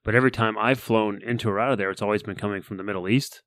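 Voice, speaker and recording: A man's voice: on the low side, steady tone, racing, a bit bright. An American man co-hosting a podcast, telling a long rambling story in casual chat and often repeating words as he starts sentences. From United States. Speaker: podcast co-host.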